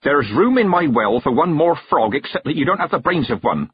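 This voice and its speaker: A man voicing a stern, sharp-tongued old witch woman in an audiobook, curt and commanding. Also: on the high side, big pitch swings, fairly quick, breathy edge, no echo, voice pushed up, exaggerated voice. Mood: snapping. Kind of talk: audiobook character voice. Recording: dull, dry narration recording.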